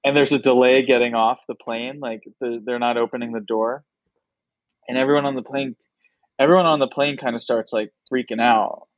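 A man telling a lively, animated story in casual chat, slipping into the voices of the people in it. His voice sits at a middle pitch. The sound is dry and close, with no room echo. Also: normal speed, highs cut off. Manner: animated, acts out other people's lines. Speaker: comedian guest.

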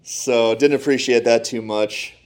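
A man preaching a humorous sermon, telling animated, self-deprecating stories. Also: medium pitch, unhurried.

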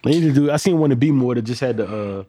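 Man, podcast co-host, rapid slangy storytelling, mid pitch, quick pace. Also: warm tone. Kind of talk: casual chat.

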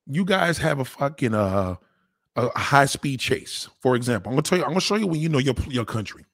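A man's voice: mid-range voice, a little fast, no echo, clean studio sound. A man with a New York accent, talking in a casual, profane monologue and mimicking other people. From New York City. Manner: animated, swearing, mimicking others.

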